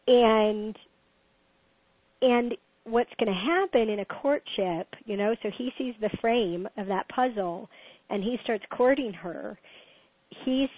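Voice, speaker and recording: A middle-aged woman talks through relationship advice with lively emphasis and frequent laughter. Her voice sits a little high for a woman. It comes through a tinny, phone-like line with a dry sound. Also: no echo. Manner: animated, laughs often, emphatic advice-giving. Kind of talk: casual conversation.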